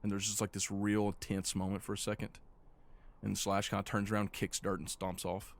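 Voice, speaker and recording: A man's voice: on the low side, completely flat delivery, normal speed. A man narrating a tabletop game as game master in a casual, laid-back way.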